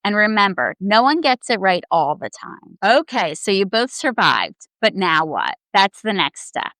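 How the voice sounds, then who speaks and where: Woman therapist talking parents through tantrums, calm and gentle, mid pitch, dry close mic. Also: measured pace, no echo, rough recording. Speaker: child therapist and podcast host. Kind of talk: scripted advice talk.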